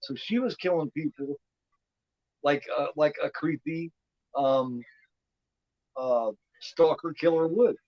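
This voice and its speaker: A man in his fifties, voice a little high, speaks slowly with long pauses as he hosts a casual movie commentary. He wanders and repeats himself, often saying "you know what I mean"; the sound is dull and lo-fi with no echo.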